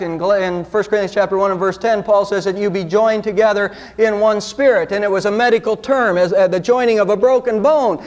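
Speaking in a high-sitting voice, a man delivers a sermon as pastor. He's earnest and straightforward, pressing his congregation with sharp rhetorical questions.

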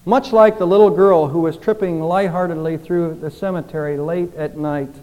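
A man's voice: fairly high pitch, fairly even intonation, normal speed, mellow. A man preaching a sermon as pastor, earnest and pleading, with rhetorical questions that rise and fall in intensity. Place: church sanctuary. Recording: church hall with long reverb.

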